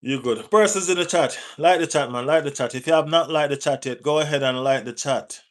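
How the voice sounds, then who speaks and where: A man with a Jamaican accent hosting a live football stream, answering viewer chat in relaxed patois-tinged talk and urging viewers to like the page. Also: on the high side, fairly quick. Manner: reads out and answers viewer chat, teases, urges likes. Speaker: football livestream host.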